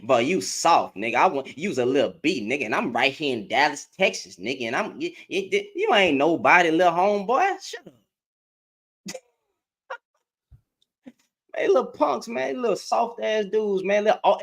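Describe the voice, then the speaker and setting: Male commentator with a high, bouncy delivery, ranting and laughing in a reaction video. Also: moderate pace. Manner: animated, repetitive, profane, laughs often. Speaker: online commentator. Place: in Dallas, Texas.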